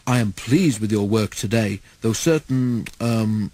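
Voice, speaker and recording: A man's voice: on the low side, measured pace, mellow. A man voicing a kindly, formal male railway boss who speaks with slight hesitation, in a storybook reading.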